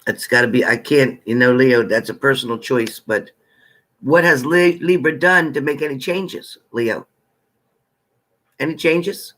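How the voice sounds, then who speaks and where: A man's voice: mid-range voice, a little slow, fairly bright tone. A man hosting a live tarot stream, chatting casually and greeting viewers by name with familiar terms like honey.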